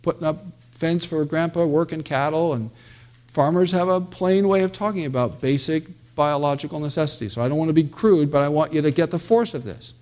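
A man's voice: a little high, a little fast, darkish tone. A middle-aged man from the United States giving a classroom theology lecture, emphatic, with many fillers and restarts and dramatic quoting.

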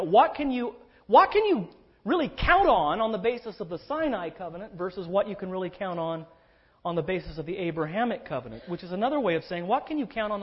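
A man preaching an expository sermon, emphatic and animated, drawing out key words for stress. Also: high voice, slightly rough. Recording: dull lo-fi recording.

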